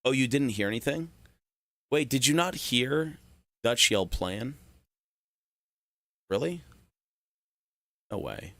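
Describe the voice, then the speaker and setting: Man, gaming streamer, bright forceful tone, joking, rambling, swears a lot. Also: mid-range voice, very animated, slow, pauses often, no room sound. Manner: joking, profane, rambling to chat. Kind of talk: casual gaming stream commentary.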